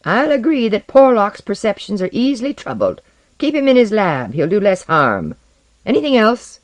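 A man's voice: sits high, wildly swooping pitch, normal speed, no room sound, pitched above the performer's own voice. A man voicing a sardonic, unpleasant man who speaks curtly and dismissively over a radio link.

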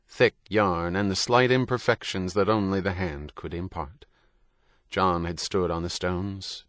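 Low-voiced male audiobook narrator. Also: fairly bright tone, no room sound, clean studio sound.

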